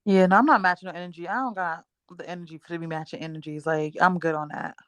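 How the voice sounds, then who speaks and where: A woman in her thirties co-hosting a podcast, a relaxed storyteller who laughs easily. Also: on the low side, fast, clean tone, no room sound. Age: 30s. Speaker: podcast co-host. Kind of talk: casual chat and storytelling.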